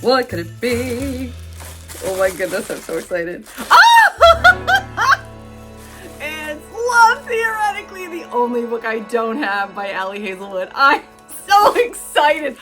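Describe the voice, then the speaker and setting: A woman book vlogger chatting casually about her reading, giggling and gushing with excitement, often squealing. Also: fairly high pitch, moderate pace, loud music behind the voice. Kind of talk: casual vlog chat.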